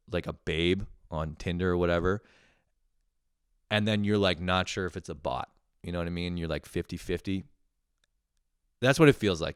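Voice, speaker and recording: A young man from Canada rambles on in a loose, profane monologue, swearing freely and getting animated when he tells a story. His voice sits very low and smooth. The sound is dry and close. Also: no echo. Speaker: vlogger.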